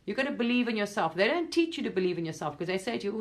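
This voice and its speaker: A woman's voice: mid-range voice, big pitch swings, rapid-fire, few pauses. Rambling emphatic English woman vlogger. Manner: rambling, emphatic, with casual swearing. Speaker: spiritual vlogger. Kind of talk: casual spoken monologue to viewers.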